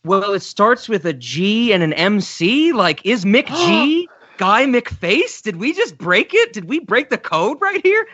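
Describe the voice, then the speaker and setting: A man's voice: high-pitched, big pitch swings, slow pace, few pauses, a bit bright. A man co-hosting a casual film podcast, bantering playfully and laughing along. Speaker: podcast co-host. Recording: dull lo-fi podcast audio.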